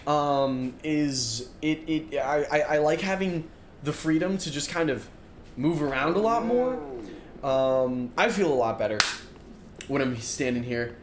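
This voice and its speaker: While playing a game on stream, a young man rambles casually with many fillers and reads chat out loud, his voice fairly high and a little slow. He stands in a dorm-style room, and the recording has a roomy echo plus faint room noise.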